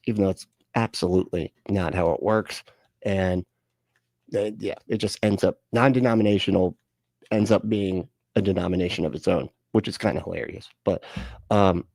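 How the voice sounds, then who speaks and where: A man's voice: low-pitched, vocal fry, darkish tone, dry recording, clean studio sound. A man hosting a live reaction stream, sarcastic and laughing through his jokey asides.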